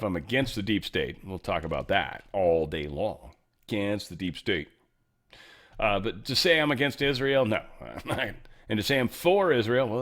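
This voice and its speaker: A middle-aged man hosting a casual political news commentary show, sarcastic and rambling, swearing freely as he reacts to headlines. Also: mid-range voice. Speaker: host.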